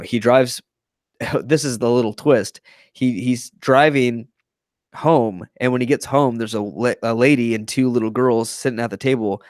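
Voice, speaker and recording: A young man hosting a casual movie review podcast, excitedly retelling scenes and acting out the characters' lines. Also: mid-range voice, no room sound, studio quality. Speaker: podcast host.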